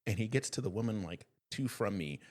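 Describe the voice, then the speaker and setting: A man's voice: lowish voice, fairly quick. A man who performs, a podcast guest telling stories in casual chat and acting out the people in them. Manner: animated storyteller, acts out quoted voices.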